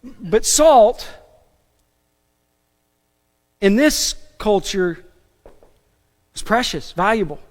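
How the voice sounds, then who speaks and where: A man preaching a sermon as pastor, animated and emphatic, with casual asides and self-deprecating jokes. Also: sits high, slow, big-room sound. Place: church sanctuary.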